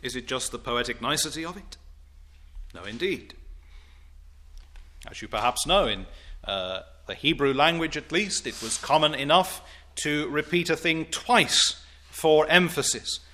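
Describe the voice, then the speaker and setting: A man preaching a sermon, deliberate and emphatic, with formal, old-fashioned wording and rising declamation on scripture quotes. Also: a little high, animated, bright, forceful tone.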